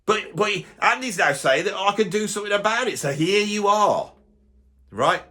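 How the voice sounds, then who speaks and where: A middle-aged YouTuber plays a bitter, grumpy music snob in a blustering comic rant, grumbling and stumbling over his restarts. His high voice is expressive, bright and forceful, at normal speed.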